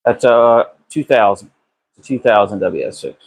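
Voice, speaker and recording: A man's voice: on the low side, normal speed, poor audio. Man, garage live-streamer, laid-back drawl, cusses casually, talks to chat on a phone mic. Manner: relaxed, drawling, swears freely, answers chat by name. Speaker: car builder live-streaming a transmission repair. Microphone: phone camera.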